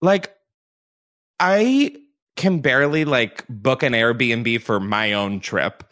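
A man's voice: medium pitch, lively intonation, takes it slowly, a bit bright. A young man hosting a podcast, chatting casually in a rambling way and laughing often. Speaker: podcast host. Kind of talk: casual chat.

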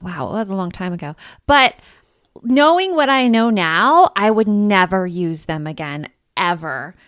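A woman hosting a casual podcast, animated and feisty, with lots of "like" in her speech. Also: mid-range voice, a little slow, no room sound, clean studio sound. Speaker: podcast host.

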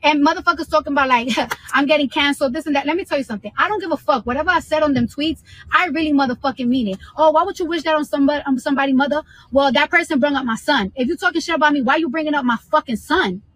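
A young woman in her twenties vents into her phone during a livestream. Her voice sits high and the words tumble out fast. Her rant is heated and profane. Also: a bit bright, poor audio. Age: 20s.

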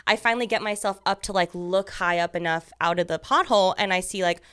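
A young adult woman guesting on a podcast, telling a story in an animated, casual way and acting out the voices of people in it. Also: on the low side, fast, clean tone, dry recording, clean studio sound. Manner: animated, acts out voices in her stories.

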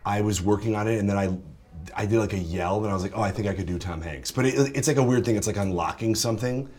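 A man talking as a comedian guest in casual chat, with a stuffy, nasal voice and halting speech. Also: fairly low pitch, a little mellow. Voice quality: stuffy, nasal, as if he has a cold.

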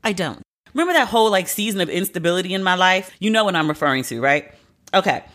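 A woman's voice: lowish voice, fast, fairly bright tone. A woman in her late thirties hosting a podcast alone, telling a story in a candid, profane, exasperated way. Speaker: podcast host. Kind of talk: casual solo podcast monologue.

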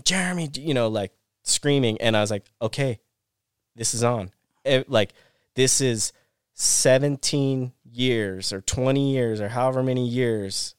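A middle-aged man speaks at an ordinary pitch with a smooth, clear tone, recorded close and dry with no room sound. He tells his story as a podcast guest, circling back and repeating himself as the details pour out. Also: no room sound. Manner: animated retelling full of restarts and repeated phrases. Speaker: podcast guest, former pro snowboarder. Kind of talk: casual storytelling interview.

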